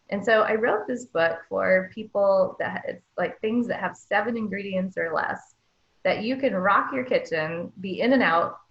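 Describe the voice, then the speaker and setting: A woman speaking as a doctor and author in a podcast interview, animated, acting out little quoted voices, often saying "like" and "right?". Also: on the low side, vocal fry, dull audio.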